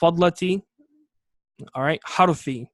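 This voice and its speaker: A man teaching a classroom lesson on Arabic words, speaking in a somewhat high voice. He moves step by step, says important terms slowly and repeats them, and keeps asking "okay?" to check that his students follow. The recording is dry, close and free of room echo. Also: fairly bright tone.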